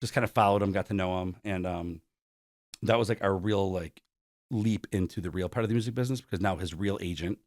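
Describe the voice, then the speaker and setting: This Buffalo, New York concert promoter in his forties has a low-pitched, slightly mellow voice and talks a little fast as a storytelling guest. He brings quoted dialogue to life and leans on "like" throughout. The recording is dry and clean, studio quality.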